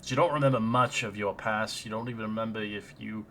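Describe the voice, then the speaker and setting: A man narrating a tabletop game as game master in a halting, rambling way with restarts. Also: lowish voice, steady tone, a bit bright, slight background noise.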